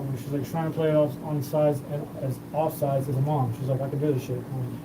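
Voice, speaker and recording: A man's voice: a little high, little pitch movement, fast. Rambling, profane man, heard from afar. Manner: rambling, profane, jumps between topics. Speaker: show host. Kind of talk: rambling monologue. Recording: distant mic with noticeable room hum.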